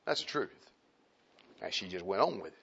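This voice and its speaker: A man preaching a fiery sermon, emphatic and repetitive, swinging between shouts and hushed tones. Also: low-pitched, sing-song, moderate pace, husky. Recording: dull lo-fi recording.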